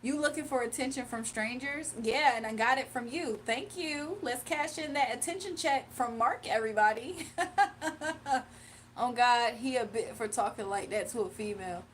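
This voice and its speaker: A woman's voice: on the high side, normal speed, distant mic, a little hiss or hum. A woman hosting a livestream in casual chat, mocking and blunt, laughing often. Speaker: livestream host.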